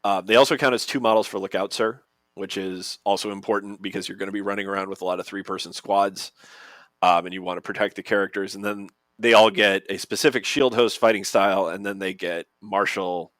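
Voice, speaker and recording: A man's voice: low-pitched, fairly even intonation, brisk, a bit bright, dry recording. A man co-hosting a podcast who talks through game rules in a casual, methodical way with plenty of fillers. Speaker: podcast co-host. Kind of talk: casual explanatory chat.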